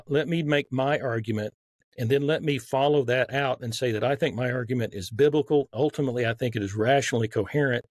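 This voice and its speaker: A guest author with a light Southern accent explains his argument earnestly in a casual podcast conversation, often restarting his sentences. His voice is medium-pitched, and the recording is dry.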